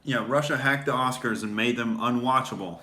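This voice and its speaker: A man's voice: medium pitch, normal speed, pushed and bright, echoey room, a little hiss or hum. A male comedian hosting a sarcastic comedy rant, mocking and swearing freely. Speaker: comedian host.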